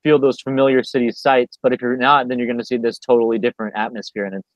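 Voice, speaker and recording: A man hosting a casual livestream interview, easygoing and quick to agree. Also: medium pitch, flat delivery, dry recording, poor audio. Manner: easygoing, quick to laugh along. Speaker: livestream host.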